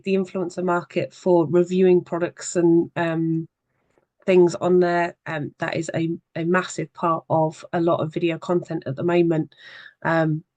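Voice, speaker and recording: A social media marketing trainer giving an evening workshop presentation, explaining in a conversational way with frequent pauses. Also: medium pitch, a little mellow, dry recording.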